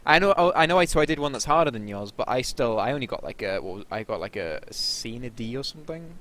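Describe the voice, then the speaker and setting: A man's voice: medium pitch, expressive, fast talker, noisy background. Young man rambling with fillers. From Wales. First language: Welsh. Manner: rambling, hesitant, many fillers. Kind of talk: casual chat.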